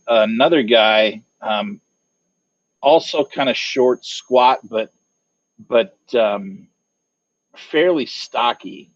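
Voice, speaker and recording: Brief: male game master, slow and halting, describing scenes, dull dry lo-fi recording. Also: medium pitch, no room sound. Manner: hesitant, many fillers and restarts. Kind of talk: narrating a tabletop game.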